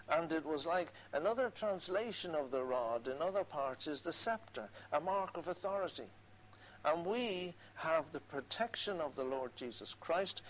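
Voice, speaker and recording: A man's voice: fairly high pitch, slight background noise, rough recording. A man preaching a sermon, earnestly quoting scripture and repeating key phrases for emphasis.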